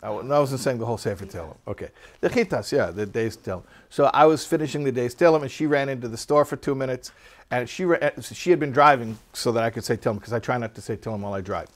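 A man's voice: mid-range voice, fast. Chatty man teaching a class. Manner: lively anecdotal delivery with questions to the class. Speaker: Torah teacher. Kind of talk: classroom lecture with storytelling.

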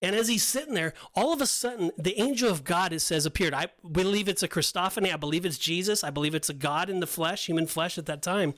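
Podcast co-host, male, high pitched, excitable storyteller who acts out the characters. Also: fast talker, hardly any pauses, no room sound. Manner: animated storytelling, acts out voices of biblical figures. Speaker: podcast co-host teaching the Bible. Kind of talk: casual Bible study chat.

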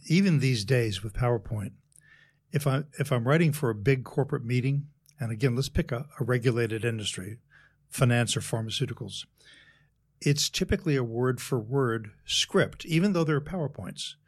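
A man who works as a speechwriter, talking in a measured, explanatory way in an interview and walking through worked examples. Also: mid-range voice, breathy edge. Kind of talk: conversational interview.

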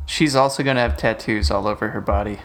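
A man in a casual comedic chat, tossing out teasing deadpan quips. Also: lowish voice, fast. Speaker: podcast guest pitching an idea.

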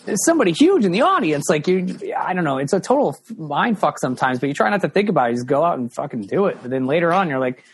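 A man's voice: on the high side, sing-song, fast, few pauses, breathy edge. A man co-hosting a podcast, chatting casually in an enthusiastic, profane way. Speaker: podcast co-host. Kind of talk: casual chat.

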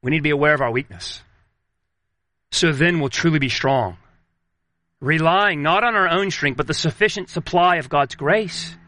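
A man preaches with a high, strikingly bright and sharp voice. He speaks earnestly, slowing and sinking his tone to press a point home. The recording is close and dry, with no room sound. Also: dry recording. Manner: earnest, slows and drops low for emphasis. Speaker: pastor. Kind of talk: sermon.

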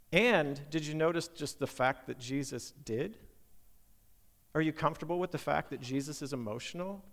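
A man's voice: fairly high pitch, big-room sound. A male pastor preaching a conversational sermon, asking his listeners many questions.

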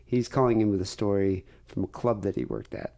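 A man's voice: on the low side, fairly quick, vocal fry, dark tone. An American man hosting a podcast, bantering casually and laughing often. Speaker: podcast host.

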